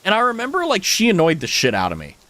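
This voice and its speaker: A young American man chatting casually with his stream, his voice sitting a bit high and swinging wildly up and down. He tells stories animatedly, with lots of fillers and the odd swear word. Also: fast, no room sound. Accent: General American. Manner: animated storytelling, frequent swearing, many fillers. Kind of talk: casual chat with stream viewers.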